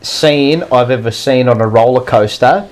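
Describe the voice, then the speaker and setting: Aussie dude chiming in, lots of oh my god and mate, bit of hiss. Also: male voice, mid-range voice, normal speed. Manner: reactive, exclamatory, laughs along. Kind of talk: casual chat.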